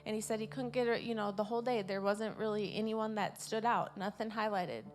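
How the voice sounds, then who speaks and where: A woman preaching an informal sermon at a church service, earnest and repeating her key words, swelling louder on her main points. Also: medium pitch, steady tone, fairly quick, soft background music.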